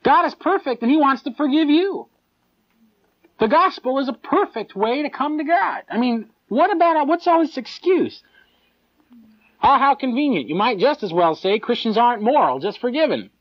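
A man giving a live sermon in a conversational, animated way, with mocking asides and chuckles. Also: very high-pitched, moderate pace. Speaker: preacher. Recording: dull lo-fi live tape.

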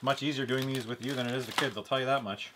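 A man's voice: mid-range voice, steady tone, very fast, noisy background. A man hosting a casual snack tasting video, upbeat and joking as he reads out the package labels. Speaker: channel host.

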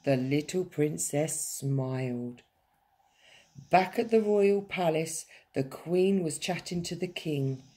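Teacher read-aloud: woman, lowish husky voice, slow and animated. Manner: slow, expressive storytelling. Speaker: teacher reading a story. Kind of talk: children's story read-aloud.

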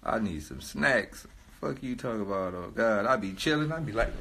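On a phone-mic livestream, a rapper rants to his followers in a rambling, profane way, swearing often and repeating himself for emphasis. His voice sits on the low side and is animated, creaky, a bit bright, and slightly rough, at a normal speed.

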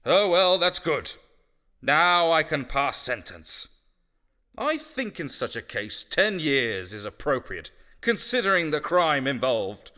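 A man as formal judge, measured, bright tone. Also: on the high side, very animated, heavily acted. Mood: stern. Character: stern matter-of-fact male judge.

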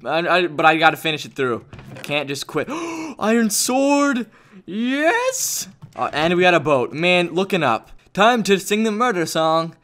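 Excitable high-voiced young man gaming. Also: normal speed. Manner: excitable, talks to his dog and viewers. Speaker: gaming YouTuber. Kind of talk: live gameplay commentary.

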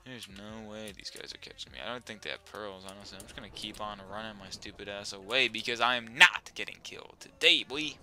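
A young man at home giving excitable, swearing commentary over his own gameplay, now and then yelling at his dog. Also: on the low side, fairly quick, hardly any pauses, soft background music. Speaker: gaming YouTuber.

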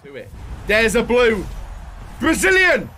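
A young man doing excitable pack-opening commentary, often yelping and shouting while talking straight to his viewers. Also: sits high, measured pace, slight background noise. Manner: excitable, yelps and shouts at the screen; talks to viewers as "guys". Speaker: YouTuber.

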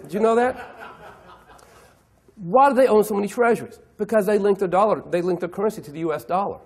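A middle-aged man giving a lively keynote talk on the economy to an audience. He acts out clients' voices and asks the audience questions. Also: high-pitched, fast talker.

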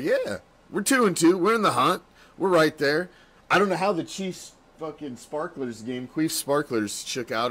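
A man hosting a postgame fan reaction show, ranting with constant swearing, laughing often and swinging between yelling and muttering, in a home studio room. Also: mid-range voice. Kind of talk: profane postgame rant.

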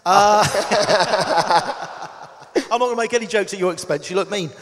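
A man's voice: high-pitched, a little slow. A man interviewing a guest on stage, chatty and joking in his questions. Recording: long hall reverb with faint noise.

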